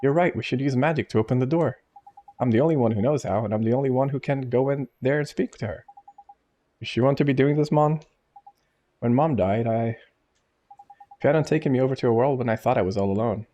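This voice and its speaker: A man's voice: mid-range voice, fairly quick, pauses often, mellow, voice pushed up, lightly acted. A man voicing an earnest, kind-hearted young boy hero who speaks politely, reading game dialogue aloud.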